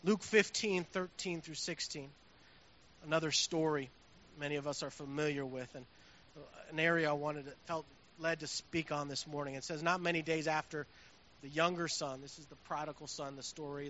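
A man's voice: a little high, steady tone, a little fast, fairly bright tone. A man preaching a sermon as pastor, conversational with swelling emphasis, on a dull recording with faint hiss.

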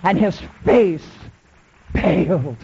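High-voiced, husky preacher on an old broadcast recording. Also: male voice, lively intonation, slow pace, warm tone, muffled recording. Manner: dramatic storytelling with heavy repetition. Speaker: Pentecostal preacher. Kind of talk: sermon.

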